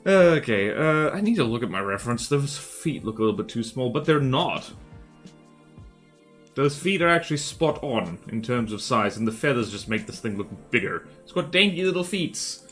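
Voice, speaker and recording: A man's voice: medium pitch, very animated, normal speed, fairly bright tone, soft background music. A man streaming while drawing, chatting casually, muttering to himself and joking with viewers. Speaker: art streamer.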